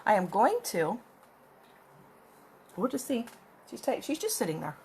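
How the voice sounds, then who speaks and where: A woman's voice: on the high side, huge pitch swings, unhurried, creaky, darkish tone, a little hiss or hum. A woman chatting and rambling through a makeup tutorial at home, recorded on a phone. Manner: rambling, chatty, talks while applying makeup. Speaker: makeup vlogger. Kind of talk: casual makeup tutorial chat. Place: at home with her cat. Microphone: phone camera.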